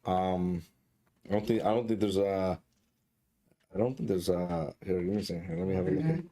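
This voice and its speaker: A man narrating as dungeon master for a tabletop game, in an unhurried, casual way with profane asides. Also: sits low, dark tone.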